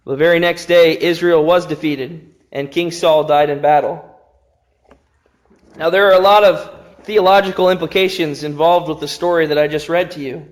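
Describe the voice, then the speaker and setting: A man's voice: a little high, fairly even intonation, moderate pace. A man preaching an earnest, emphatic sermon in a church.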